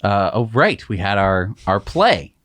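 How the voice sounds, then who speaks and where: A man co-hosting a casual news chat, expressive and mocking. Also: on the low side, unhurried, dry recording. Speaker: co-host.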